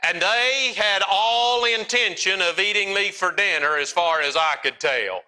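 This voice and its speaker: A man's voice: high-pitched, measured pace, sharp tone, rough recording. A man preaching a sermon at a church service, telling a down-home story in a folksy, earnest way.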